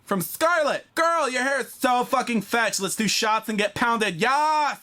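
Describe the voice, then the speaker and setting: A man's voice: expressive, a little slow, sharp tone, heavily acted. A man voicing a brash, crude young woman who boasts while hunting for boyfriends online. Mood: giddy. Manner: crude, boastful, shrill and mocking. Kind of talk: comedy sketch character.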